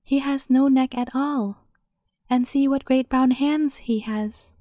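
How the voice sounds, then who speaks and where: A woman's voice: high-pitched, fairly even intonation, slow pace, dark tone, dry recording, studio quality. A woman voicing a mocking townsperson who gawks and jeers from a crowd in a storybook reading. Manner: mocking, gawking.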